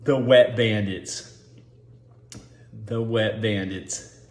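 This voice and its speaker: A man's voice: fairly low pitch, fairly even intonation, drawn-out words, reverberant, slight background noise. A man giving rambling, profane casual commentary, full of filler words, as the host.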